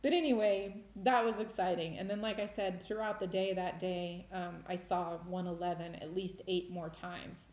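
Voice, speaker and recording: A woman's voice: on the low side, little pitch movement, normal speed, few pauses, a little mellow. Emotional woman rambling in a roomy echo. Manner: emotional, rambling with many restarts. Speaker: vlogger sharing faith experiences. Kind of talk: casual testimony monologue.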